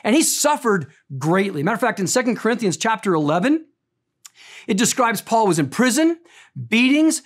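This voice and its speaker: A middle-aged pastor preaches through stories, earnest and emphatic, building in intensity before dropping to a tender hush. His high voice swings widely in pitch, and he speaks a little slowly.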